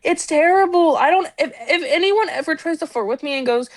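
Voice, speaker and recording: A woman co-hosting a casual podcast chat, ranting in an animated, exasperated way and swearing freely. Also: sits high, quick pace, few pauses, no room sound. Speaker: podcast co-host.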